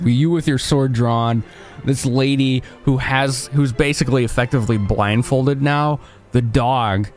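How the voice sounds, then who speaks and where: A man narrating as game master in a tabletop game, talking loosely and chattily. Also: mid-range voice.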